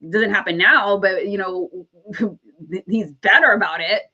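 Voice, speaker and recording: A woman's voice: mid-range voice, unhurried, pushed and bright. A woman co-hosting a casual podcast, frank and sarcastic, often laughing as she talks. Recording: dull lo-fi audio.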